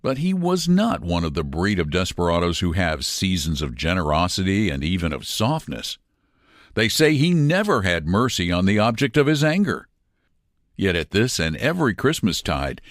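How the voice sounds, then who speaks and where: Brief: male narrator, expressive storybook reading, lively intonation, dry close mic. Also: fairly low pitch, no room sound.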